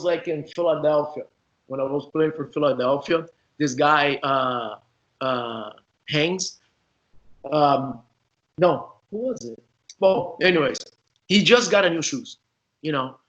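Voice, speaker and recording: A man's voice: a little high, takes it slowly, pauses often, fairly bright tone, dull audio. A man with a Brazilian accent, a former player now coaching, telling locker-room stories in a loose, laughing, chatty way. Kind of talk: casual storytelling.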